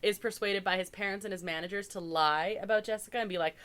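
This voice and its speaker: A woman's voice: medium pitch, steady tone, fast talker, fairly bright tone, smooth. A woman from Canada co-hosting a podcast, chatting casually as she recaps a movie, with lots of "like" and wry asides. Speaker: podcast co-host.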